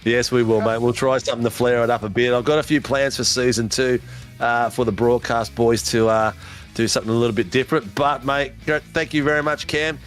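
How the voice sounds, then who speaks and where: A man's voice: medium pitch, steady tone, fairly quick, faint music behind. An Australian man hosting post-race interviews on a sim racing broadcast, joking and laughing with matey banter.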